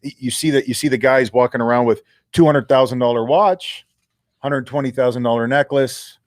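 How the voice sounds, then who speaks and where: A man, a co-host and former pro football player, telling animated, candid stories in casual sports talk and swearing now and then. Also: medium pitch, a little fast, no echo, clean studio sound.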